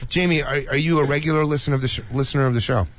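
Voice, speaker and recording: A man's voice: on the high side, fairly even intonation, very fast. A man hosting a casual morning radio show, joking, teasing callers and swearing freely. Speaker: radio host.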